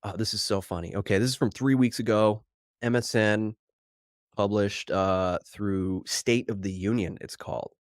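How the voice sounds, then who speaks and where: A man hosting his own podcast solo, talking in an animated, worked-up way and slightly out of breath from too much coffee, mocking the headlines he reads. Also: on the low side, moderate pace, dry recording, clean studio sound. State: over-caffeinated, slightly out of breath. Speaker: podcast host.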